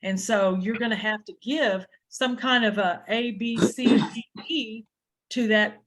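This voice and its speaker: A woman's voice: a little high, unhurried, a bit bright. A woman leading an adjudicator training session over a video call, explaining in a conversational way with frequent restarts.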